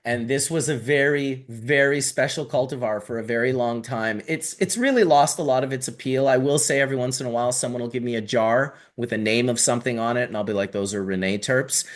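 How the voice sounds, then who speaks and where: A man's voice: medium pitch, fast, few pauses. Middle-aged guy from canada rambling thru old stories, swears, lots of um and you know. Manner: rambling, profane, lots of fillers and restarts. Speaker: podcast guest. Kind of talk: storytelling in casual conversation.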